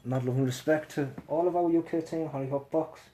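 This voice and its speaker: Casting: male live streamer, fairly high voice, blunt and confrontational, phone mic. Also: fairly even intonation, a little fast, warm tone. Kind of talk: casual live stream rant.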